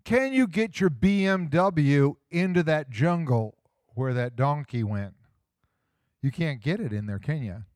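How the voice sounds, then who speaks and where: Man preaching folksy, smooth resonant tone, dry close sound; asks the room questions. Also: on the high side, animated, unhurried, a little mellow, dry recording. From small-town Midwest US. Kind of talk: sermon.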